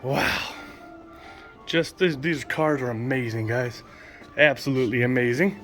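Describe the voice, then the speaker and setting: In an indoor car museum hall, a male vlogger describes his walk-through casually, reading exhibit signs with enthusiasm and occasionally stumbling on names. He speaks at a medium pitch, a little slowly and a bit brightly, with soft music in the background.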